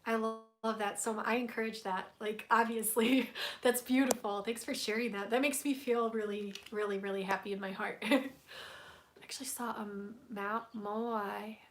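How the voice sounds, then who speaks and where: Gushing, soft-spoken spiritual woman reader. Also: fairly high pitch, steady tone, normal speed, a little hiss or hum. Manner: soft, gushing, many "like" and "um" fillers; emotional, tearful at moments. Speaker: tarot reader hosting a livestream. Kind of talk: live spiritual reading, casual chat.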